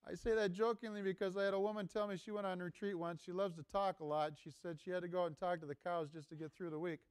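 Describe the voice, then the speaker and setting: High, clear-voiced priest giving a homily. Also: male voice, steady tone, fast talker. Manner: conversational preaching with rhetorical questions. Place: seminary chapel.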